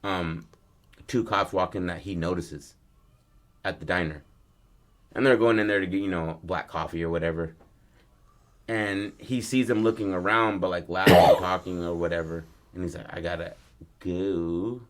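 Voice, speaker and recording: A male podcast host spins a story in casual, slangy talk, full of asides and restarts. His voice sits a bit low, and he gets animated as the tale heats up. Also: moderate pace.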